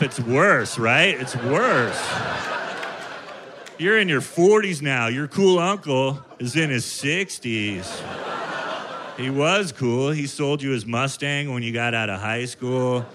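A man in his fifties doing a profane, ranting stand-up comedy set on stage before a live audience. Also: on the high side. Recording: live set with loud crowd and room noise. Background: audience laughter.

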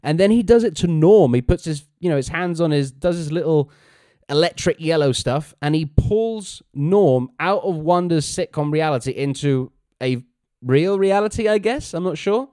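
A man talks casually on a podcast, recapping scenes and acting out lines with animation. His voice is smooth and slightly high. The sound is dry and close. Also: moderate pace, no echo. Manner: animated, acts out characters' lines. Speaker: podcast co-host recapping a TV episode. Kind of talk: casual chat.

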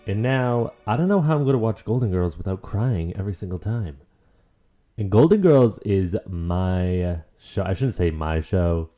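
Brief: low-voiced male podcast host, warm tone, emotional and profane, faint music underneath. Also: lively intonation, moderate pace. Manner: emotional, rambling, swears freely. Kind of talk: casual solo podcast chat.

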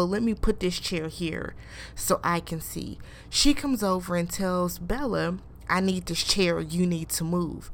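A woman recapping a reality show in casual commentary, animated and incredulous, acting out what people said and asking rhetorical questions. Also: lowish voice, slight background noise. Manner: acts out quoted people.

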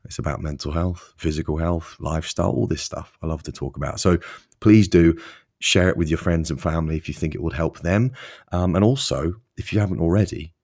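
Young man, very low voice, solo podcast host; loose, self-mocking, encouraging delivery. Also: fairly quick, creaky, darkish tone. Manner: rambling, self-deprecating, encouraging. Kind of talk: solo motivational podcast talk.

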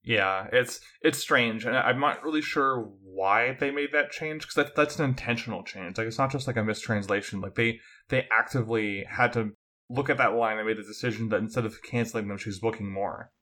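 Guy cohosting a podcast, bright clear voice, rambles and restarts a lot. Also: mid-range voice, brisk. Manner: chatty, repeats words while thinking aloud. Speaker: podcast co-host. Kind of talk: casual chat.

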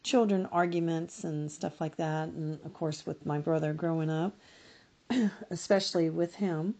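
Slow, gravelly-voiced middle-aged woman. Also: low voice, fairly even intonation, a little mellow. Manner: slow, reflective, self-correcting. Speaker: podcast guest. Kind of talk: personal testimony in an interview.

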